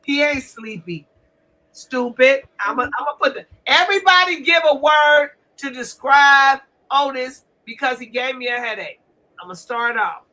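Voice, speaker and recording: An older woman hosting a casual live stream, loud and profane, often laughing as she trash-talks. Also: high voice, animated, moderate pace, rough recording. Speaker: livestream host.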